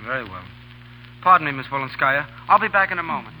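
An actor playing a naive, eager young officer who stammers when flustered, in 1940s radio acting style. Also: male voice, a little high, expressive, fast talker, sharp tone, a little hiss or hum, rough recording. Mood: earnest.

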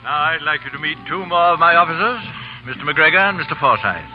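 An actor playing a stern, authoritative older British colonel with clipped speech, in 1940s radio acting style. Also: male voice, a little high, expressive, fast talker, pushed and bright, soft background music, poor audio. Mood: formal.

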